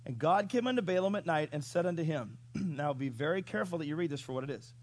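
A male pastor preaching a sermon in an animated storytelling way, chuckling and asking the congregation questions. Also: a little high, quick pace.

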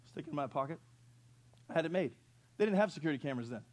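A man's voice: on the high side, expressive, racing. A man in his fifties preaching a sermon, who tells funny stories and asks the congregation questions. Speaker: pastor.

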